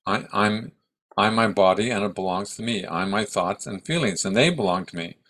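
Older male teacher, 70s, bright clear tone, reflective, pausing speech. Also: lowish voice. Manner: thoughtful, halting, restarts often. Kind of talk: reflective dharma talk.

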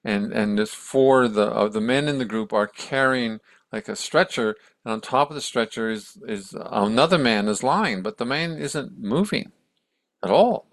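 A man's voice: mid-range voice, moderate pace, dry recording. A man casually retelling a story in a conversational way, with many restarts and acted-out quotes.

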